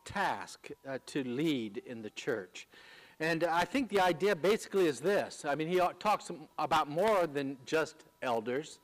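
Male pastor, sermon, slightly high voice, measured teaching, fillers and restarts. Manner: measured teaching with frequent uh fillers and repeated words.

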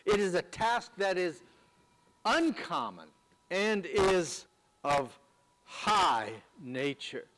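A man preaching a sermon in an earnest, measured way, slowing down on key words. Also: high voice, very animated, fairly bright tone.

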